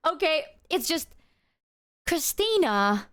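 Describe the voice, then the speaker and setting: A young woman streaming casually, rambling and excitable, swearing freely as she chats. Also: sits high, unhurried. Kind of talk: casual livestream chat.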